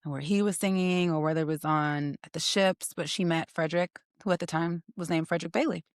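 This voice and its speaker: A woman hosting a podcast, telling a story in a playful, teasing, animated way. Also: fairly low pitch, brisk, no room sound, clean studio sound. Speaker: podcast host. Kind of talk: casual conversational storytelling.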